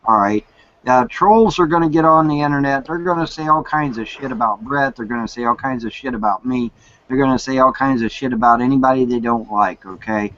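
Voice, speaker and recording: A man's voice: mid-range voice, a little fast, fairly bright tone, dull audio. A man hosting an online chat room, firm and blunt, repeating his point and swearing casually.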